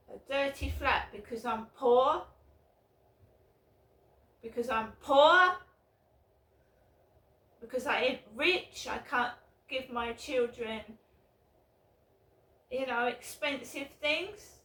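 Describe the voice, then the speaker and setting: Woman ranting, slow and high-pitched, swearing a lot, far from the mic. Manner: bitter, swearing, shouting outbursts. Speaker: vlogger. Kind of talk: angry ranting vlog. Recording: roomy echo, mic at a distance.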